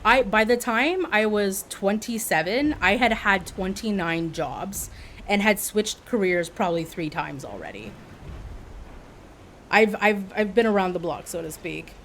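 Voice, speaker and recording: A woman in her thirties from Quebec, a streamer telling a story to her chat in a casual, animated way. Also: medium pitch, a little slow, a little hiss or hum. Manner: animated, acts out quoted voices.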